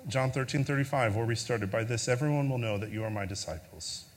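A man's voice: medium pitch, a little fast, big-room sound. A man preaching a sermon as a pastor, telling a story in a conversational way with filler words, then leading a prayer.

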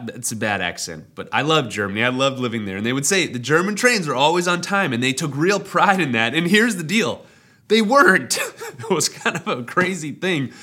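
A man delivering a sermon as lead pastor, with a bright, clear tone that sits a little high. He talks in a conversational way with personal asides, and he voices quoted complaints with rising intensity.

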